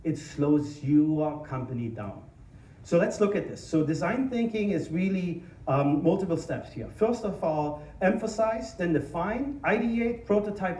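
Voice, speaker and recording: A man with a German accent giving an energetic, informal tech conference talk, joking about himself and restarting sentences often. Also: high-pitched, measured pace, distant mic. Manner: energetic, informal, self-deprecating, many restarts. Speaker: conference speaker. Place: conference hall. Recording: echoey hall, mic from afar.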